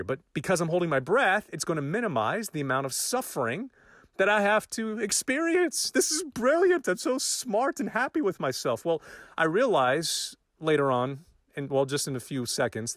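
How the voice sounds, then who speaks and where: A man telling a personal story in an animated, self-mocking way, his voice climbing when the tension builds. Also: medium pitch, no echo, clean studio sound. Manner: animated, self-mocking, rising excitement at key moments.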